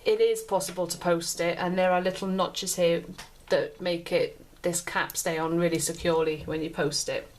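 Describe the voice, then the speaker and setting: A British woman with a slightly low voice talks through a pen review in a relaxed, chatty way. She often repeats and restarts her phrases as she points out details. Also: moderate pace, hardly any pauses, slight background noise. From United Kingdom. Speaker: pen reviewer and show host. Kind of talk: casual product review.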